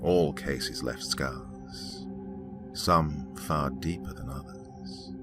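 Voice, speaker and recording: A man with a British accent narrating a horror story in slow, dramatic tones that sometimes drop to a whisper. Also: rumbling low. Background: ambient music with singing bowl.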